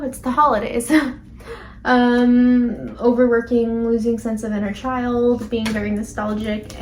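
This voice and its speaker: A woman's voice: on the high side, a little mellow, slight background noise. Chatty young-sounding tarot reader woman. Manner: rambling, filler-heavy, self-correcting. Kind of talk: casual tarot reading to camera.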